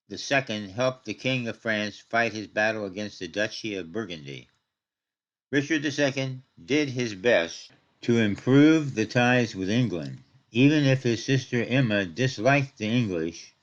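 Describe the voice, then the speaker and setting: A man reading a scripted history narration in a measured, even documentary delivery. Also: mid-range voice. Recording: dull lo-fi audio.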